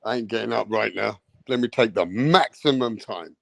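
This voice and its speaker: A man's voice: lowish voice, normal speed, gravelly, fairly bright tone, dry recording, studio quality, pitched below the performer's own voice. A man doing a lazy, stalling worn-out boxer. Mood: defiant. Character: exhausted male boxer stalling for rest, lazy.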